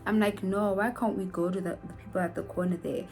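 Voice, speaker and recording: A woman's voice: mid-range voice, a little fast. A young woman from South Africa telling a personal story to her viewers in a storytime vlog. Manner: animated storytelling, addresses viewers as guys. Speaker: YouTuber. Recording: faint background music.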